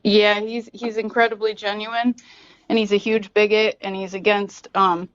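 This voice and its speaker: A woman's voice: medium pitch, little pitch movement, normal speed, a bit bright, no echo, muffled recording. A woman calling into a live stream, earnest and apologetic. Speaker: caller. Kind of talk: casual call-in chat.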